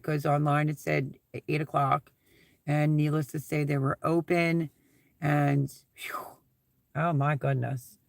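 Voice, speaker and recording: A man hosts a casual live stream from inside his SUV, thanking viewers again and again and wandering from one story to the next. His voice is heavily gravelly with deep fry and sits a little high for a man. The sound is dry and close, with no room around it. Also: dry recording. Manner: rambling, chatty, repeats thanks.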